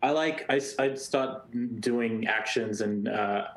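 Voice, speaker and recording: A man's voice: on the low side, slow pace, fairly bright tone, rough recording. A man playing a tabletop game, talking in a laid-back, casual way. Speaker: player.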